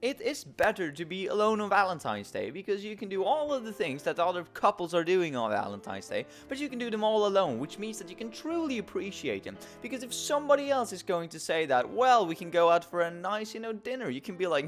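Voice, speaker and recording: A man's voice: high voice, very animated, brisk, few pauses, soft background music. A young man giving tongue-in-cheek advice in a rambling, self-mocking vlog with wry asides. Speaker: vlogger.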